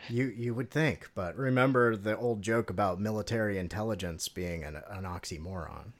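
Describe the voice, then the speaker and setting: A man's voice: fairly low pitch, normal speed. A man as a podcast guest making dry, wry remarks in casual chat.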